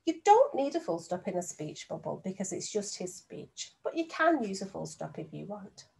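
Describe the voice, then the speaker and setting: A woman teacher giving a recorded lesson from home to young children, speaking slowly and clearly and sounding out words syllable by syllable. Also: mid-range voice, big pitch swings, a little mellow. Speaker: primary school teacher.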